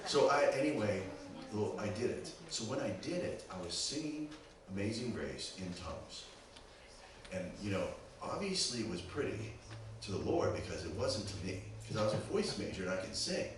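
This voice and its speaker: A man from Pittsburgh, USA, with a Pittsburgh accent and a lowish voice speaks at normal speed as a guest preacher telling a story in a sermon. He's animated and keeps checking in with the congregation. The church sanctuary is very echoey, with a distant mic and background noise.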